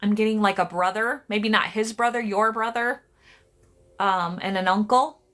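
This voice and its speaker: A woman streaming psychic readings live from home on her phone, her voice bright and forward. She talks in a loose, chatty way, starting sentences over and breaking off to greet viewers by name. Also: mid-range voice, moderate pace.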